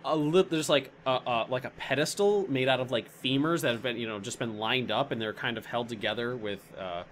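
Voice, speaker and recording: A man's voice: medium pitch, fairly quick, a bit bright, a little hiss or hum. A man narrating a tabletop game as dungeon master, rambling and searching for words as he describes scenes.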